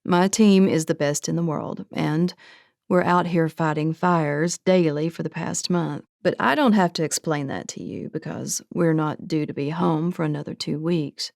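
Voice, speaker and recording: A woman voicing a weary, wary man who leads an oil-fire crew, speaking slowly, guarded and curt. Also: low-pitched, gravelly, a little mellow, no echo, studio quality.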